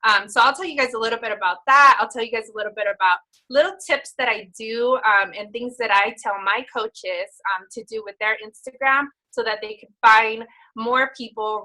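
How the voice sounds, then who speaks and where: A woman's voice: fairly high pitch, pushed and bright, poor audio. A woman in her thirties who calls herself a Valley girl, giving a webinar talk with many fillers on a recorded call. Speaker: guest speaker.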